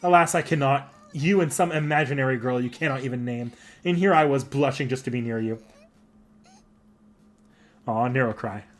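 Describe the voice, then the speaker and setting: A man's voice: medium pitch, moderate pace, long pauses, close to an everyday voice. A man voicing a proud, dramatic young woman warrior-emperor from a game, with theatrical, flamboyant indignation. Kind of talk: voicing game dialogue aloud.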